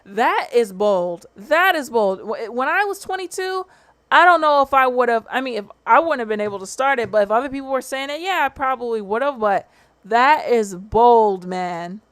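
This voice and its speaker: A woman's voice: on the high side, expressive, moderate pace, fairly bright tone. A woman hosting a casual livestream, talking in a chatty, slangy way and swearing freely. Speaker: livestream host.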